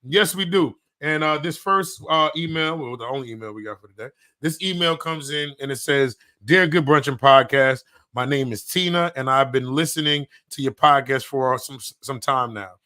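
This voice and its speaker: A man in his thirties co-hosting a casual podcast, telling animated stories and acting out quotes. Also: medium pitch, normal speed, few pauses. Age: 30s. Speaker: podcast co-host. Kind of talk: casual chat.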